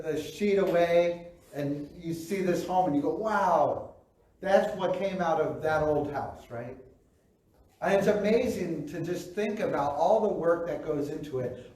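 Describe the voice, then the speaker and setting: Pastor, male, chatty preacher who acts out reactions; fairly high-pitched, recorded far off in a very reverberant hall. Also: darkish tone. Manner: conversational, acts out quoted reactions, frequent "right?". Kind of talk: sermon. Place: church sanctuary.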